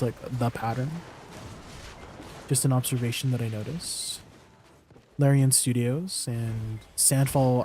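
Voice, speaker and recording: A man's voice: mid-range voice, dark tone, a little hiss or hum. A man chatting casually with his stream viewers, rambling and laughing often. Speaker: livestreamer.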